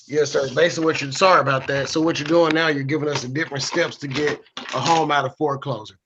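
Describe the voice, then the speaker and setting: A man's voice: fairly high pitch, steady tone, fast talker. Polite man on a muffled video call. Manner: polite, says yes sir, checking his notes. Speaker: webinar attendee. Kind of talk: asking questions on a video call. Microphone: video call over a weak connection. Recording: dull lo-fi call audio with faint noise.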